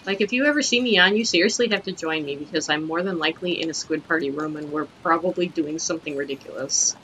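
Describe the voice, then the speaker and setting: A young woman hosting casual gaming commentary, crude, giggly and excitable, talking over her play. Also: low-pitched, fast, slight background noise, poor audio. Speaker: host.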